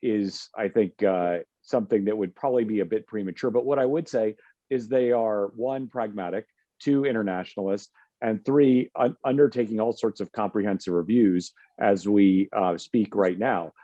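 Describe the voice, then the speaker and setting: A man on a policy panel, speaking in a measured way with many fillers and restarts. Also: lowish voice, mellow, no room sound, highs cut off.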